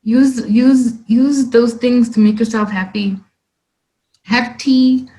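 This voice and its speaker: Brief: young woman, animated podcast host, slightly high voice. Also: slow pace, rough recording. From South Africa. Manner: animated, exclamatory, laughs often. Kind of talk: casual podcast chat.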